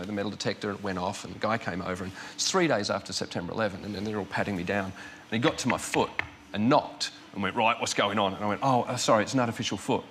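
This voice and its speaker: A man's voice: on the low side, slight background noise. An Australian man, a comedian guest on a chat show, telling stories and acting out the voices of the people in them. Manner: animated storytelling with acted-out voices.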